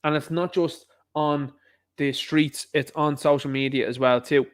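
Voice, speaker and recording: A man hosts his own livestream in a loose, rambling talk. He keeps circling back to the same asides, and his voice sits a touch higher than most men's. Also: fairly even intonation, measured pace. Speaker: livestream host. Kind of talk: casual livestream commentary.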